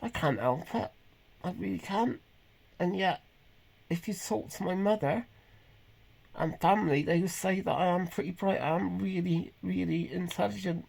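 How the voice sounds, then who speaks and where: A man, talking in a halting, hesitant way with many pauses and restarts in an earnest, emotionally raw personal vlog. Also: high voice, creaky, a little mellow. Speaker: vlogger. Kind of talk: personal confessional monologue.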